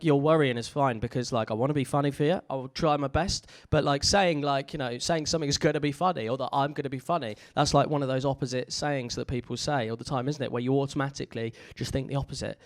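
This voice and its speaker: A man with an English accent doing a live stand-up comedy set, rambling and self-deprecating, full of fillers and restarts. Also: mid-range voice. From England.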